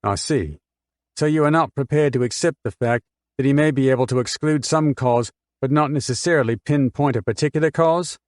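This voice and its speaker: A man's voice: medium pitch, no echo, clean studio sound, lightly acted. A man voicing a cool, probing barrister. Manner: formal, measured questioning.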